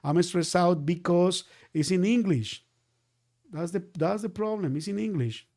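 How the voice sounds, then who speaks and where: Give me an excitable man with a high voice, recorded dry and close, teaching trading and repeating himself. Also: measured pace, no room sound. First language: Spanish. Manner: excitable, repeats phrases over and over. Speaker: trading instructor. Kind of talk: live trading lesson.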